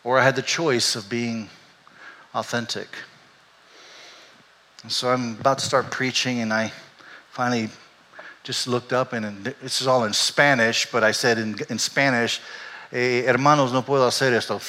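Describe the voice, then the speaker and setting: An older man, a pastor, telling a candid and emotional personal story in a sermon, animated as he goes. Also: mid-range voice, moderate pace, long pauses. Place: church sanctuary. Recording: echoey hall.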